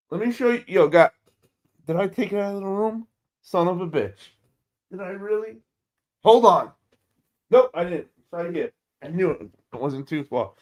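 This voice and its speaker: Excitable New York guy streaming live. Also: sits high, moderate pace, long pauses. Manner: excitable, swears freely, hypes up viewers. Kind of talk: casual live chat with viewers.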